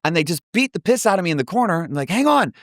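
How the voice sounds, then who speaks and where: Woman co-host, ex-wrestler, rapid-fire, swearing through a casual story. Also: on the low side, dry recording, clean studio sound. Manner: profane, animated storytelling. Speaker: podcast co-host; former pro wrestler.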